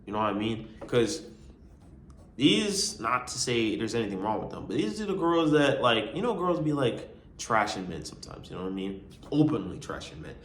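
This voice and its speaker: A man's voice: medium pitch, sing-song, normal speed, echoey room, a little hiss or hum. Rambling young man telling a story. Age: young adult. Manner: rambling, slangy, full of "you know what I'm saying". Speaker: college student vlogger. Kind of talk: casual storytelling.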